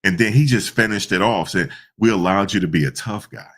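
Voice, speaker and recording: A man giving casual, slangy reaction commentary, animated and repeating himself, often breaking into laughter. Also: on the low side, fairly quick. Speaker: online commentator.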